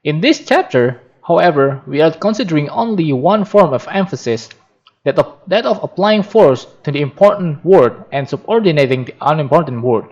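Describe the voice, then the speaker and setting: A man's voice: a little high, expressive, normal speed, a little mellow. A man reading a book aloud for practice, carefully, with frequent restarts and self-corrections. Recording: dull lo-fi recording.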